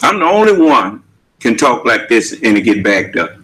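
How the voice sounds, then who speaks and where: A man's voice: medium pitch, big pitch swings, normal speed, fairly bright tone, poor audio. A man preaching a sermon with emphatic rhetorical questions and casual vernacular speech. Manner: emphatic, rhetorical questions, Southern US Black English.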